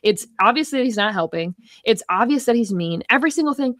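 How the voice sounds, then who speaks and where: A woman's voice: on the high side, lively intonation, a little fast, fairly bright tone, dry recording. Female co-host, casual and heated, curses freely, dry recording. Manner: heated, rambling, swears often. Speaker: podcast co-host. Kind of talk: casual film discussion.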